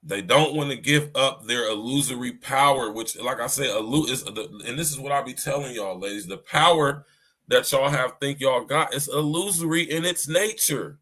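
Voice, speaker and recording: A man speaks at medium pitch and a moderate pace, his tone a bit bright. As the host of a livestreamed podcast, he sermonizes repetitively and speaks directly to the people listening.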